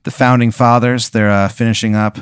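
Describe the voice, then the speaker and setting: A man improvises a crude comic story, narrating to his guest in a loose, rambling way full of fillers. His voice is smooth and clear, and the recording is close and dry, with no room sound. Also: mid-range voice, flat delivery, a little fast, dry recording. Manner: profane, rambling second-person narration with many fillers. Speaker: host.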